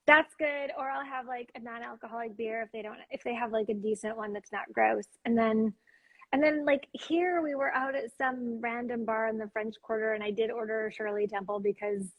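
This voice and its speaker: A woman's voice: a little high, moderate pace, a bit bright. A woman talking casually on a phone live stream, chatty and full of fillers, swearing now and then. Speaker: livestream co-host. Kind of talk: casual chat.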